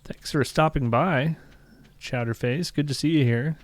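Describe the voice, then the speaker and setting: A man's voice: on the high side, a little slow, dry recording. A man chatting casually while streaming a farming game. He muses aloud with dry humor.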